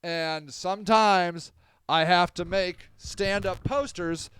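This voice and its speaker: A man hosting a podcast, rambling sardonically and apologetically, swinging from loud to mumbled. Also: sits high, takes it slowly, clean tone, dry recording. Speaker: podcast host. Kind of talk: casual livestream podcast monologue.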